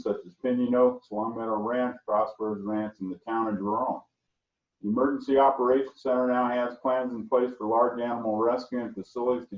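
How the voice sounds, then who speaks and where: An older man delivers a prepared campaign speech in a steady, formal way with low pitch. He sounds far from the microphone, in an echoey space. The sound is thin and phone-like. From Arizona. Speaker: county supervisor candidate. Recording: distant echoey phone-like line.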